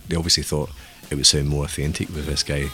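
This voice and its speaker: A man's voice: a bass voice, level tone, fast talker, pushed and bright. A middle-aged man co-hosting a casual comedy podcast, rambling into bawdy wisecracks and old anecdotes. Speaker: podcast co-host.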